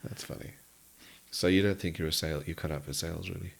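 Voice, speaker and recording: A man from Kenya, a podcast guest, telling animated stories in casual conversation with frequent restarts. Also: sits low, fast, gravelly.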